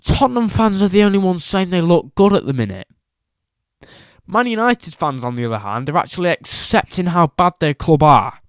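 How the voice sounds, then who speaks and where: A man's voice: high-pitched, very animated, moderate pace, smooth, dry recording, clean studio sound. A man giving a casual football opinion rant as a vlogger, emphatic and repetitive, firing off rhetorical questions.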